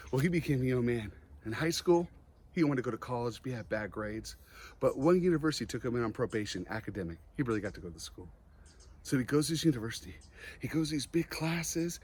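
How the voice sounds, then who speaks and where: A man giving an emotional motivational speech, earnest, with dramatic pauses and a slight stutter. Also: a little high, husky. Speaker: motivational speaker.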